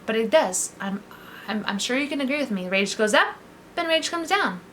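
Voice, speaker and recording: A woman's voice: on the high side, animated, moderate pace, pushed and bright, soft background music. A middle-aged woman talking straight to her viewers in an earnest, encouraging, coaching way. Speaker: vlogger. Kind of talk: encouraging direct-to-camera talk.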